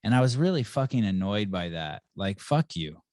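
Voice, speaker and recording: A low-voiced man hosting a casual podcast. He rambles through his thoughts, blunt and quick to swear. His voice sounds dry and close. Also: sing-song, a little mellow, no echo. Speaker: podcast host.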